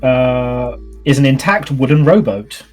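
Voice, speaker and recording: A man narrating as game master, teasing his players and describing each scene in measured detail. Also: medium pitch, darkish tone, soft background music.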